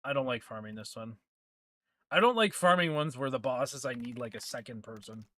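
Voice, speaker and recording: A man's voice: medium pitch, animated, brisk, fairly bright tone, no echo. A man streaming a game, chatting casually and trading crude, joking banter with his chat.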